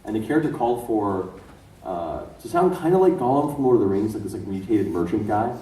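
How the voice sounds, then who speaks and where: A man's voice: lowish voice, very animated, brisk. A man voice actor sharing joking anecdotes on a convention panel. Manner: joking, acts out shouted lines. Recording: echoey room from far off, noisy.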